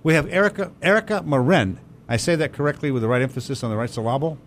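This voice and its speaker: A man's voice: medium pitch, lively intonation, rapid-fire, a little hiss or hum. A man hosting a local talk radio show, joking and chatty. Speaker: radio host. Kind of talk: casual talk radio chat.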